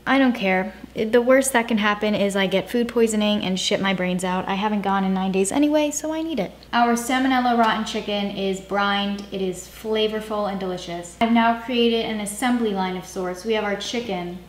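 A woman's voice: medium pitch, moderate pace, few pauses, echoey room. A young adult woman hosting a casual home cooking vlog, sarcastic and self-mocking as she talks through the recipe. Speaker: cooking vlogger. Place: home kitchen.

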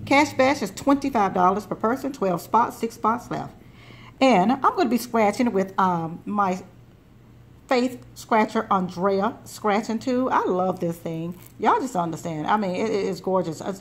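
This lottery scratch-off host speaks at a medium pitch and a little slowly. She's chatty and rambling, repeating words as she scratches her tickets.

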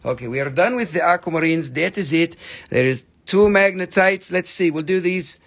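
A man running a live sales stream, joking, swearing and excitable, while he is losing his voice. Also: on the high side, normal speed, gravelly.

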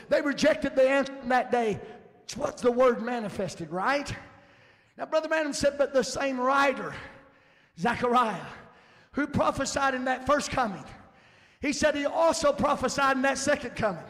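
A male preacher with a strikingly high, gravelly voice, preaching fervently and rising into emphatic shouts. His sermon rings out with a long reverb through a church sanctuary. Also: normal speed.

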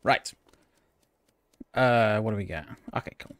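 A man's voice: fairly low pitch, measured pace, fairly bright tone. A man streaming a social deduction game with friends, joking and laughing a lot. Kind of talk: casual gaming chat.

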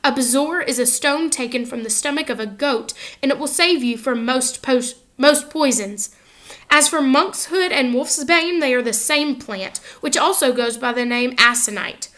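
A woman's voice: high-pitched, normal speed, bright, forceful tone. A woman voicing a cold, sneering male potions teacher who snaps his words in a clipped, scornful way in an audiobook reading.

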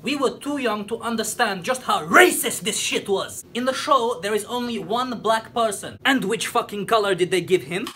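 A man's voice: high-pitched, moderate pace, few pauses, sharp tone, slight background noise. A man with an Albanian accent delivering a profane comedic rant. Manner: profane, ranting, outraged. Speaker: comedy youtuber.

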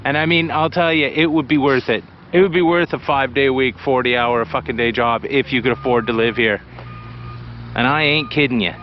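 A man's voice: mid-range voice, a little fast. Guy from bc vlogging on a walk, swears a ton, kinda dull camera audio with a bit of outdoor noise. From British Columbia, Canada. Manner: profane, blunt and excitable. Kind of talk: casual walking vlog. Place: outdoors by a city beach.

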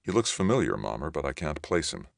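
A man's voice: very deep voice, sing-song, quick pace, creaky, dry recording, studio quality, exaggerated voice. A man reading an audiobook, voicing a reserved, blunt young ex-soldier.

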